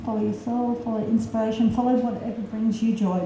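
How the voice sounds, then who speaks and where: A woman's voice: a little high, flat delivery, fast talker, dark tone. A woman, mother of the bride, giving a tearful, gushing speech with laughs between lines. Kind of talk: emotional wedding speech. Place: wedding reception hall. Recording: echoey room, distant mic, noise.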